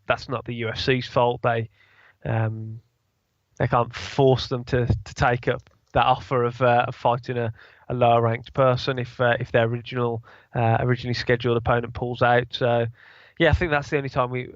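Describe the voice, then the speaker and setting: A man co-hosting a casual fight-sports podcast, talking in halting stops and starts with many fillers and restarts. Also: mid-range voice, no echo. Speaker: co-host. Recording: slightly dull lo-fi sound.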